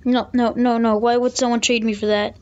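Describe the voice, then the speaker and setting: High-pitched excitable woman gaming. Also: brisk, highs cut off, faint music behind. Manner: excitable, repeats words in bursts. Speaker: gamer. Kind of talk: casual gameplay commentary. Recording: noisy home recording.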